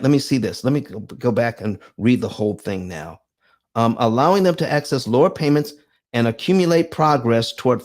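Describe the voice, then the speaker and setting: A middle-aged man hosting a livestream, reading documents aloud and answering viewers' comments with an animated, preacher-like call and response. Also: medium pitch. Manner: reads documents aloud, then explains. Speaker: livestream host.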